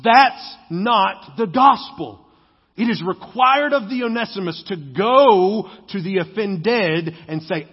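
A man's voice: high voice, animated, slow pace, husky. A man preaching a sermon as a pastor, conversational and joking, often acting out quoted speech. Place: church sanctuary. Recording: dull lo-fi sound with long hall reverb.

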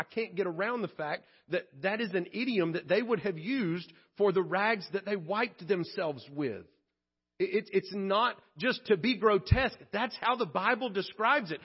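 A man's voice: sits high, husky, highs cut off. A male pastor preaching a sermon at a church worship service, earnest and conversational, with frequent restarts and asides.

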